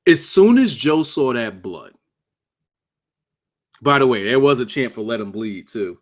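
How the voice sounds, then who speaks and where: A man's voice: medium pitch, animated, moderate pace. A man hosting a casual livestream review of a wrestling show, cursing freely, laughing often and joking with his chat.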